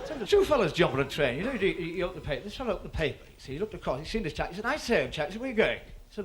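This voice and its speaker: A man's voice: sits high, big pitch swings, fast, very noisy. A man telling long joke stories on stage in a stand-up act, with a rambling patter and voiced characters. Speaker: stand-up comedian.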